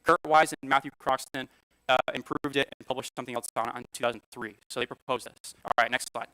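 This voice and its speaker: Bright, crisp-voiced man teaching a class. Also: medium pitch, fairly even intonation, fast talker, dry recording, poor audio. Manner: conversational, frequent "all right?" and "okay?" checks. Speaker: Sunday school teacher. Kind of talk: church class lecture with slides. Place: church classroom.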